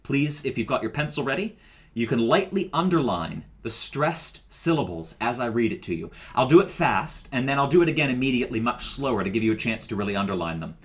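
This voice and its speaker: A man's voice: mid-range voice, lively intonation, a little fast. A man recording a choir rehearsal lesson as its director, explaining each step patiently.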